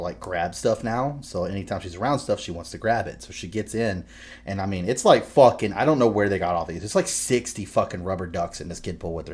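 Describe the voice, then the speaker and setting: Profane, laughing young father on a podcast. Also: low voice. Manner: profane, animated storytelling. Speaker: podcast co-host. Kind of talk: casual chat.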